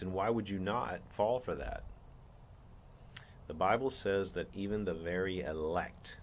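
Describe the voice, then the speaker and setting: A man's voice: sits low, slight background noise. A man hosting his own show, laying out a theory in an earnest, rambling monologue with many restarts. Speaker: podcast host.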